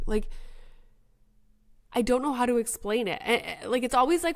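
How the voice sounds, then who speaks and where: A woman hosts her own podcast in a loose, rambling way, with lots of filler words. Her voice sits at a middling pitch. She turns animated when she acts out what she said. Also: brisk. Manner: chatty and rambling, heavy use of filler words. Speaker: podcast host. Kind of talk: casual solo podcast chat.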